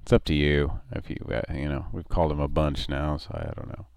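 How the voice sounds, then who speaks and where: A man's voice: extremely low pitch, fairly quick, creaky, darkish tone, dry recording, studio quality. A man co-hosting a casual comedy talk show, laughing often and bantering loosely. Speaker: podcast co-host.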